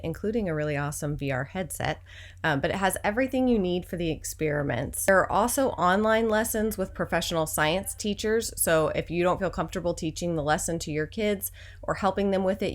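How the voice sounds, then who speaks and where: A woman vlogger and homeschooling mom, talking in a chatty, upbeat way with a sponsor read. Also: lowish voice. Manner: chatty, upbeat, many fillers. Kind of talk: casual vlog with sponsor read.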